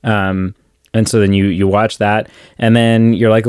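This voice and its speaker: A man's voice: on the low side, flat delivery, a little slow, a little mellow, smooth, no echo, clean studio sound. A man co-hosting a podcast, chatting casually and rambling about films, with lots of fillers and restarts. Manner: rambling, acts out film scenes in silly voices. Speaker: podcast co-host. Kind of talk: casual movie discussion.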